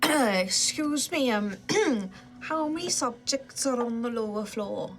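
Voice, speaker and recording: A woman's voice: on the high side, lively intonation, slow pace, soft background music. A woman playing a tabletop game, chatting casually with wry asides. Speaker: player.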